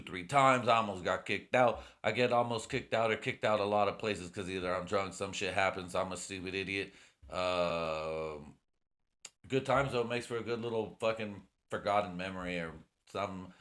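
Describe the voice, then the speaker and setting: A man's voice: lowish voice, a bit bright, roomy sound. A man hosting a casual solo podcast, rambling and joking with lots of profanity while he drinks whiskey. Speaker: podcast host.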